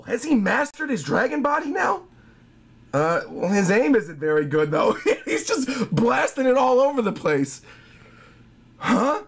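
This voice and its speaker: A man sits down to react on camera to a new manga chapter, his voice pitched high and slightly husky. He swings through a wide range, bursting into shouts and laughter between stretches of reading panels aloud. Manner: excitable, often shouting and laughing. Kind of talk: excited reaction commentary with read-aloud panels.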